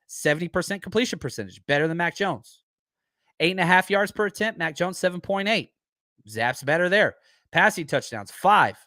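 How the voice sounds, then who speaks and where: A man hosts a live-streamed sports show, talking in a loose, animated way and thinking aloud between points. His voice sits a bit high for a man. The recording is dry and close, with no room sound. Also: no echo. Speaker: podcast host.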